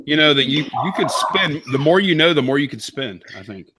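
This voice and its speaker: A man's voice: fairly high pitch, expressive, a little fast, very noisy. A man making earnest, emphatic points as a reseller panelist on a live video call. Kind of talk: casual live-stream chat.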